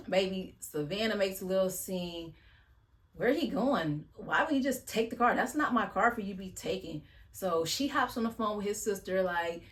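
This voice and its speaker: Woman vlogger, mid-pitched, casual and blunt, slangy storytelling recap. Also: normal speed. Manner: chatty, blunt, slangy retelling with sighs.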